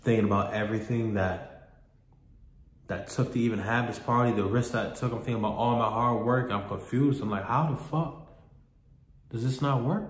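A man's voice: medium pitch, normal speed, reverberant. A man vlogging a personal story in a candid, profane, rambling way, often repeating himself. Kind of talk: casual storytelling monologue.

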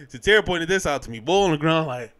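A man hosting a casual podcast, talking in a lively, slangy way and acting out scenes as he recaps a show. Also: a little high, normal speed. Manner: animated, slangy, acts out scenes with quoted voices. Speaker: podcast host.

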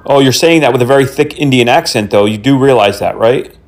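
A man's voice: mid-range voice, fairly quick. A man running a prank phone call on a scammer, teasing and mocking him while playing fake-naive. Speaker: scam-baiting prankster host.

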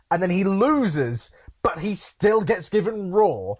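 Animated man ranting on a podcast. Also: sits high, a little slow. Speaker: podcast co-host. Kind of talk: casual chat.

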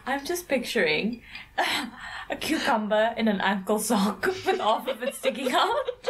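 A woman from South Africa co-hosting a podcast, reacting with quick quips and frequent laughter. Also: fairly high pitch, sing-song, a bit bright. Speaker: podcast co-host. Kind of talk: casual chat, reacting. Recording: noticeable background hiss.

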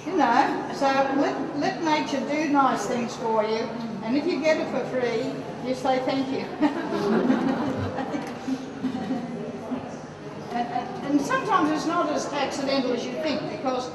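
A woman's voice: high-pitched, normal speed, few pauses, over a noisy crowd. An Australian woman giving a live watercolour demonstration, talking in a chatty way and thinking aloud as she paints. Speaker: painting teacher. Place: large room with a live audience. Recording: echoey hall from far off, loud background noise.

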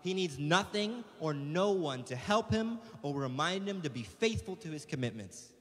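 A man's voice: on the high side, sing-song, moderate pace, fairly bright tone. A man preaching a sermon as pastor, impassioned and building in intensity. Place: church sanctuary. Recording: long reverb of a church hall.

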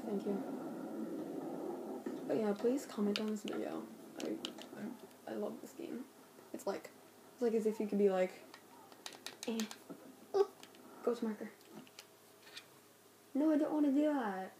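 A woman's voice: medium pitch, normal speed, long pauses, warm tone. Woman, casual let's play commentary, goofy, talks to herself, noisy background. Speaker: gameplay commentator. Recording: noisy home recording.

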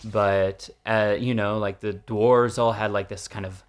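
A man chatting casually as a podcast co-host, rambling in a relaxed way with lots of fillers. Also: fairly low pitch, unhurried. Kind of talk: casual chat.

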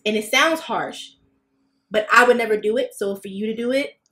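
A woman on a podcast telling a personal story in casual chat, swearing freely and acting out quotes with sudden high, loud bursts. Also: moderate pace. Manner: animated, swearing, acts out quotes with big jumps in pitch. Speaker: podcast co-host.

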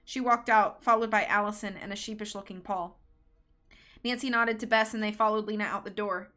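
A woman reading a mystery novel aloud on a live stream, with steady storytelling. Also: medium pitch, a little fast. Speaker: book reader. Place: home streaming setup.

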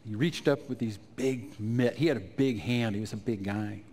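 A man telling an emotional personal testimony in a sermon at a conference, his voice climbing high and loud at the peaks. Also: moderate pace, a little hiss or hum. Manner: emotional storytelling, rising to near-shouts at climaxes. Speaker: conference speaker. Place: conference stage.

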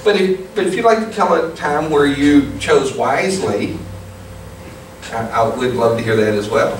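A man preaching a sermon as pastor, telling a story in a relaxed, conversational way and putting questions to his congregation. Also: mid-range voice, moderate pace, a little hiss or hum. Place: church sanctuary. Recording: echoey hall, distant mic, room ambience.

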